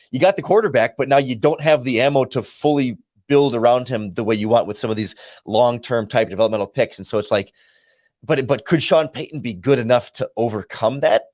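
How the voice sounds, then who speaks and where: A man, a guest analyst on a sports talk show, reasoning aloud in a halting way with many restarts. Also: mid-range voice, a little mellow, no echo, studio quality. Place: remote call.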